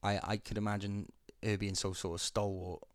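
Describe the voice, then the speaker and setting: A man's voice: on the low side, flat delivery, moderate pace, smooth, no echo. Laid-back man with a dry voice. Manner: rambling, laid-back, lots of ums, swears. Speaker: podcast co-host. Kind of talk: casual chat.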